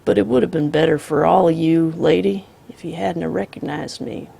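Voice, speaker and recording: A calm, courteous outlaw speaks in a low drawl, as a woman reader plays him. His voice is gravelly and unhurried, polite on the surface with menace beneath. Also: heavily acted.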